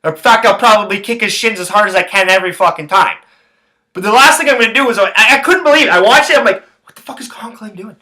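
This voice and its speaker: A man on his own sports podcast rants with fury, swearing constantly and hammering the same phrases over and over. His voice sits a bit high for a man and comes out bright and tense. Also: quick pace. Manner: angry, heavy swearing, repeats phrases. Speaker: podcast host. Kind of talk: profane sports rant.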